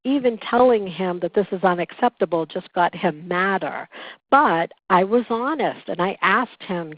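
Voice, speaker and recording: A woman who coordinates patient relations, giving a webinar presentation in a calm, earnest, instructive way and telling stories to make her points. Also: medium pitch, moderate pace, no echo. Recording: tinny phone-like dry recording.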